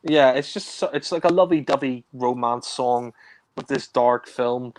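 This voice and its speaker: A man's voice: medium pitch, moderate pace, a little mellow, dry recording. A man co-hosting a casual film discussion, rambling with many fillers, laughing and swearing. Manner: mimics characters in raised voice. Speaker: film review co-host.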